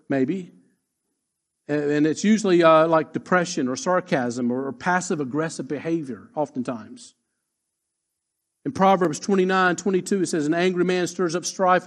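Emphatic man preaching a sermon. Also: fairly high pitch. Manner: emphatic, repeats key lines slowly. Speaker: pastor.

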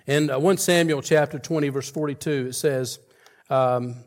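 A man's voice: mid-range voice, fairly even intonation, normal speed. A man preaching a sermon, earnest, retelling scripture scenes with rising intensity and frequent restarts.

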